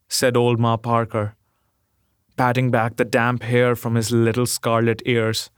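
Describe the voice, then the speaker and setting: Male narrator, steady mid pitch, very unhurried, gentle, dry booth sound. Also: clean tone, no room sound. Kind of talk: scripted story reading.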